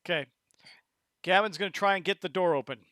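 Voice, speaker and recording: A man with a high, bright voice runs a tabletop horror session as game master. He narrates in halting bursts, restarting often, and the sound is dry and close. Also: dry recording. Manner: halting, with many restarts and acted quotes.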